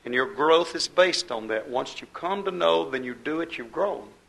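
Man, pastor, gravelly preaching voice, bright forceful tone. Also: a little high, lively intonation, moderate pace, poor audio. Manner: preaching with swelling emphasis and quoted scripture. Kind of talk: fiery sermon.

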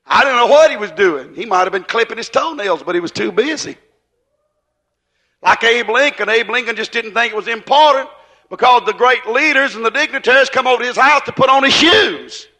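A man preaching a sermon, folksy and storytelling, now and then rising to shouts. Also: very high voice, lively intonation, a little fast.

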